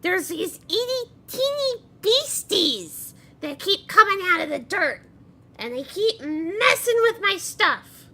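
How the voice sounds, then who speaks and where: A woman voicing a small, upset goblin child with a shrill, whiny voice. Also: big pitch swings, takes it slowly, full character voice. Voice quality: shrill, high and loud.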